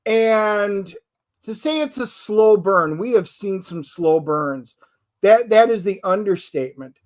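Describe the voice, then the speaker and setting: A man talking casually about movies as a guest, telling stories with lively quoted asides. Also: sits high, slow pace. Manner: animated storytelling, quotes himself and his wife.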